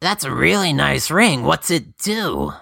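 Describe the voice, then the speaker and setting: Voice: medium pitch, very animated, unhurried, vocal fry, sharp tone, dry recording, studio quality. A player in a casual tabletop game who curses and restarts sentences. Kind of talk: tabletop role-play, casual.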